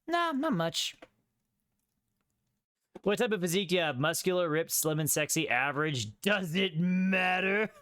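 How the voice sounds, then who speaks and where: A man's voice: high-pitched, a little fast, few pauses, fairly bright tone, clean tone, no echo, studio quality. Sarcastic, jokey male game streamer. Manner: sarcastic, jokey, reads quiz questions aloud. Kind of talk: casual live gameplay commentary.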